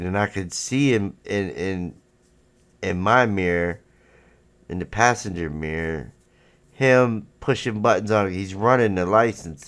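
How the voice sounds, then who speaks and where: A man's voice: deep voice, creaky, fairly bright tone. A man hosting a livestream, telling a story in a casual, rambling way, full of swearing and "you know what I'm saying". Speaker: livestream host.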